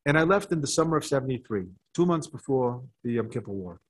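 Husky, animated older American rabbi. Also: male voice, medium pitch, fast. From United States. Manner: animated storytelling, rises in excitement. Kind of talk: Torah talk to a live audience.

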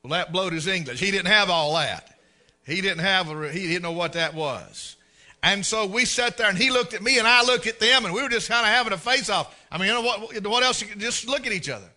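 Bright-voiced preacher man. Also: high-pitched, brisk. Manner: folksy, animated storyteller who acts out scenes. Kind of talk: storytelling sermon.

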